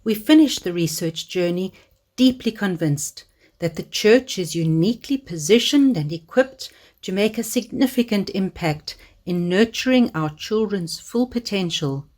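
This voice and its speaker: Low, measured woman narrator. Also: lively intonation, darkish tone. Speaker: organisation spokesperson. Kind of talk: scripted documentary voice-over.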